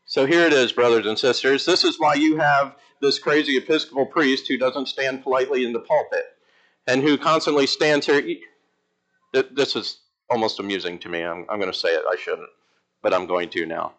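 A man who is an Episcopal priest, preaching a lively, emphatic sermon in church with humorous asides. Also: medium pitch, normal speed, rough recording.

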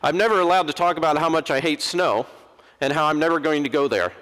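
A middle-aged man, an Episcopal preacher, giving a lively sermon and acting out the people he quotes. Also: a little high, quick pace, clean tone. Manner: animated, acts out quoted voices. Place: large church. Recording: long church reverb.

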